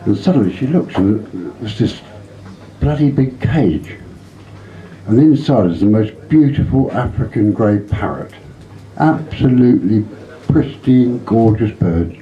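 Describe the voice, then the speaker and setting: A man telling earthy jokes at a pub talent night, lively and animated, in a dull lo-fi recording. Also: on the low side. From England.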